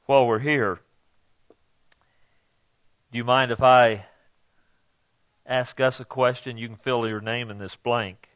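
A man preaching a sermon in a conversational way, often checking in with "okay?", rising on his key questions and dropping low for asides. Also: fairly even intonation, slow, pauses often, fairly bright tone, muffled recording. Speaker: pastor.

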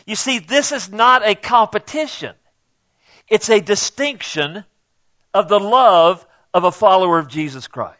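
A man preaching a sermon in a conversational way, often checking in with "okay?", rising on his key questions and dropping low for asides. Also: lively intonation, measured pace, pushed and bright, lo-fi sound. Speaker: pastor.

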